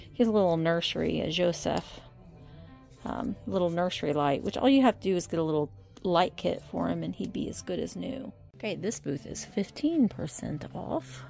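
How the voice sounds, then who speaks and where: A woman's voice: fairly low pitch, gravelly, darkish tone. A middle-aged woman chatting casually as she browses an antique mall, thinking aloud and reading out prices. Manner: chatty, thinks aloud while pricing items. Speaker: vintage reseller vlogger. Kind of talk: casual shop-along narration.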